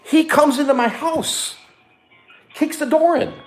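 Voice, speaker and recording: A middle-aged man, an online reseller, telling a story in casual chat, animated and swearing as he acts out what people said. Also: very high voice, measured pace, soft background music.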